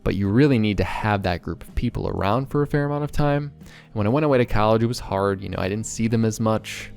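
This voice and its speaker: A young man talking candidly to camera in a rambling, excitable vlog monologue. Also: lowish voice, creaky, faint music behind. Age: young adult. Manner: excitable, rambling, quick bursts. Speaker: vlogger.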